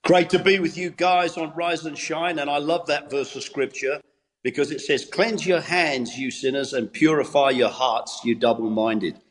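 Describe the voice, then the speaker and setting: A man's voice: on the high side, steady tone, moderate pace, long reverb tail, poor audio. A man, an English pastor and evangelist, giving a devotional on a Christian TV show in a preacherly, rhythmic style with repeated phrases. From England.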